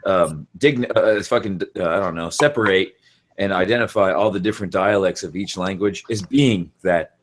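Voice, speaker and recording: A man's voice: low-pitched, moderate pace. A man chatting on a live stream, blunt and swearing constantly. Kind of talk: casual group chat.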